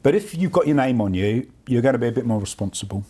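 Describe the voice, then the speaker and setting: Husky man telling fast stories. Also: mid-range voice. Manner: animated anecdotes, bursts of laughter. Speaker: guest speaker. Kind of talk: storytelling on stage.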